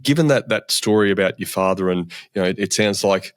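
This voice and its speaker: Halting low-voiced male podcast host. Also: dry recording, clean studio sound. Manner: halting, repeats words as he asks. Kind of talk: interview questions.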